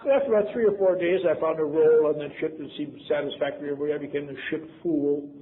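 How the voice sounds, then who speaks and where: Speaking quickly with a fairly high pitch and fairly even intonation, this convention speaker is a man in his seventies from Wisconsin, USA. His storytelling is wry and self-mocking, and he acts out the voices he quotes. It's captured on phone-like lo-fi tape with a faint hiss.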